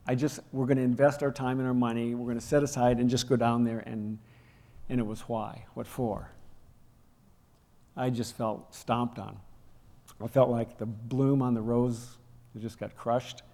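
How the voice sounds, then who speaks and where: A man's voice: mid-range voice, flat delivery, moderate pace. A man preaching a sermon, telling a personal story and acting out the raised voices in it. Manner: storytelling, acts out quoted shouting. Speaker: pastor. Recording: long hall reverb.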